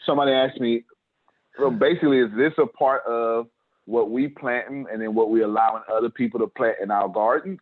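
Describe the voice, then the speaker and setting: Man coaching over tinny call audio. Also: medium pitch. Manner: preachy and emphatic, repeats words, laughs between points. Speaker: success coach hosting a group call. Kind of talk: motivational coaching talk.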